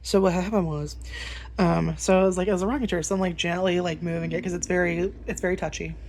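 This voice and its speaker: Woman vlogger, casual storytime rant, slightly low voice, rambling, freely profane. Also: steady tone, quick pace, a little mellow. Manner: rambling, swears freely, lots of fillers.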